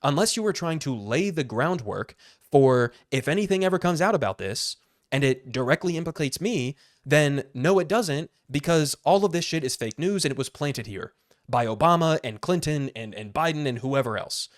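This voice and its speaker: A man's voice: fairly high pitch, animated, moderate pace, no room sound, studio quality. A man hosting political commentary, talking in a sarcastic, incredulous way.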